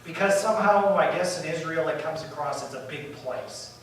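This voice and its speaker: A male pastor telling a story in a sermon, lively and animated, acting out the disciples' panic and dropping to quiet asides. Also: on the high side, moderate pace, slight background noise. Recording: echoey room from far off.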